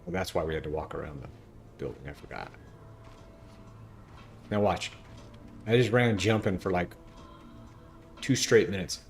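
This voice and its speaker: A man's voice: low voice, normal speed, pauses often, faint music behind. A male game streamer giving chatty, playful commentary while he plays. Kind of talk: casual gameplay commentary.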